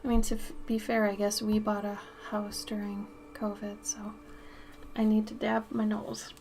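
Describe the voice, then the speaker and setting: A woman's voice: medium pitch, monotone, moderate pace, noisy background. A young woman chatting casually with viewers while she paints on a live stream, a bit sniffly from allergies. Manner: chatty, reads out and answers viewer messages, swears when she sneezes. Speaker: art streamer.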